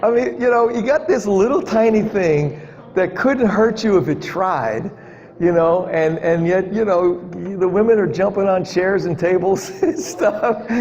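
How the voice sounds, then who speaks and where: A high-pitched, darkish-toned man preaches a conversational sermon, joking and asking questions of the congregation; the audio is dull. He's a pastor in a church hall with a live audience, the recording reverberant with faint background noise.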